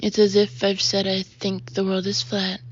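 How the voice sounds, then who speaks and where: A woman reading a first-person audiobook, lively and expressive, emphatic in the dialogue. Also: mid-range voice, moderate pace. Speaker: audiobook narrator. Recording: dull, muffled audio.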